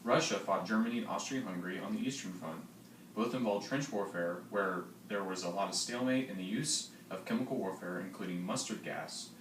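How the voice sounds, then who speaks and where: A teenage boy reading a school history project in a plain, steady way. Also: deep voice, fairly quick. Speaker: student presenter. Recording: roomy, distant mic, faint noise.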